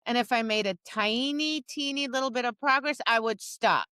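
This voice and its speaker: A woman's voice: a little high, moderate pace, pushed and bright, clean tone, no echo. A woman co-hosting a podcast about dog training, talking casually and acting out cheery voices and dog reactions. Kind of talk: casual chat.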